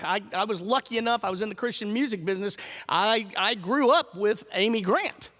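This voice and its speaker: A man telling animated stories as a speaker at a conference, acting out the voices of the people he quotes. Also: high voice, brisk, few pauses, in a large hall. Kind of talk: storytelling talk.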